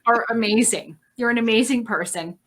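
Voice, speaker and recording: A woman hosting a casual interview over a video call, effusive and heartfelt, rambling warmly with lots of fillers. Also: on the high side, moderate pace. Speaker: host. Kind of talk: emotional casual interview chat.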